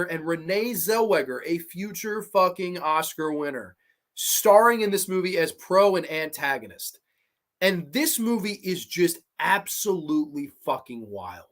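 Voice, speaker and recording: A man's voice: on the high side, fairly bright tone. A man hosting a livestream, giving casual and profane commentary on horror films while reacting to chat.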